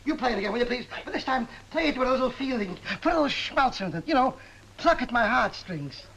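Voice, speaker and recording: An actor playing a brash, excitable male song publisher who talks in fast, slangy, theatrical sales patter, in a 1950s film comedy. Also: very high voice, a little hiss or hum, heavily acted, poor audio. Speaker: music publisher.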